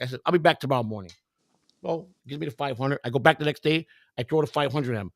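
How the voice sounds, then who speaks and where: A man hosting a casual stream tells his stories in a blunt, profane, emphatic way, acting out other people's lines as he goes. His voice is gravelly and sits somewhat high, and it is recorded dry and close. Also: lively intonation, rapid-fire, fairly bright tone, dry recording. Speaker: livestream host. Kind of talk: casual storytelling chat.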